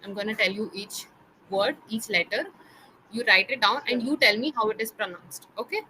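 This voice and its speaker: Young tutor lady, bright kinda high voice, patient, spells stuff out, slight hiss. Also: normal speed, poor audio. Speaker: English tutor. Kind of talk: online pronunciation lesson.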